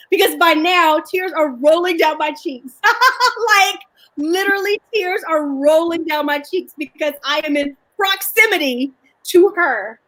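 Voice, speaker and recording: A woman's voice: high voice, measured pace, a bit bright, poor audio. A woman author telling stories with animation and many restarts in a live video chat. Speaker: author guest.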